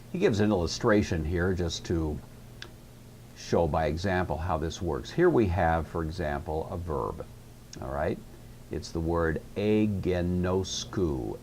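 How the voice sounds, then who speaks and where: A man's voice: low-pitched, darkish tone, a little hiss or hum. A man teaching a classroom lecture on Greek grammar, explaining rules patiently and methodically with frequent hesitations.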